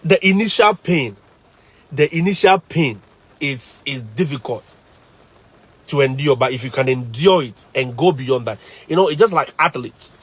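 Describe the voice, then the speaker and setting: A man's voice: medium pitch, animated, normal speed, husky. A man, a teacher and vlogger, chatting casually on a live stream, telling stories animatedly, laughing often and repeating phrases.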